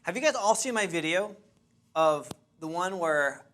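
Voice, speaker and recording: A man in a training session, telling animated stories about finding property to a class. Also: high voice, a little slow. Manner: animated, chatty, restarts and laughs. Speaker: real estate investing trainer. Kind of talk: lively storytelling to a class.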